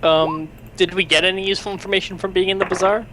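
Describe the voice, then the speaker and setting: A man playing in a tabletop role-play session, easygoing and quick to correct himself. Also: high-pitched, flat delivery, noisy background. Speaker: player.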